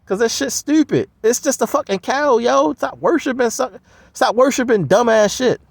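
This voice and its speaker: High, gravelly man ranting. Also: moderate pace, no room sound. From United States. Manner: blunt, heavily profane, scoffing. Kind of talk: profane solo rant.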